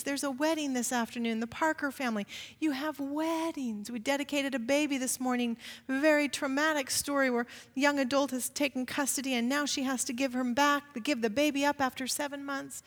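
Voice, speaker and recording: A woman pastor giving a conversational sermon in a church sanctuary, often asking the congregation rhetorical questions. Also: high-pitched. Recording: reverberant sanctuary.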